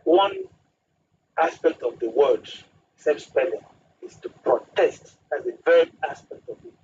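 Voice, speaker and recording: Guy on radio, talks emphatic with proverbs, kinda high voice, far off mic, muffled with hiss. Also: huge pitch swings, measured pace, creaky, a little mellow. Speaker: studio guest. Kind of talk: radio talk show discussion.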